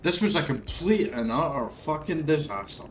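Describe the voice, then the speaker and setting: A man commentates over his own gameplay in a fairly high voice that leaps up and down in pitch. He swears freely and breaks into loud, exasperated outbursts. Game sounds run clearly underneath his voice. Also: animated, moderate pace, a little hiss or hum, low-quality recording. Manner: swears often, erupts into loud frustrated outbursts. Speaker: gaming video creator.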